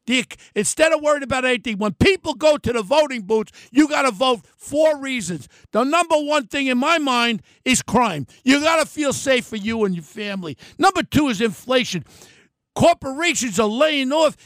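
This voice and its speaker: A man in an angry political rant, shouting in bursts and then dropping low and heavy. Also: expressive, normal speed, dry recording, studio quality.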